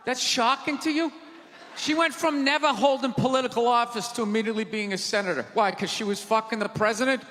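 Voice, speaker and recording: A man doing stand-up comedy on a large theater stage, ranting loudly, sarcastic and profane. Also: very high-pitched, steady tone, fairly quick. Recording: live theater reverb, crowd noise.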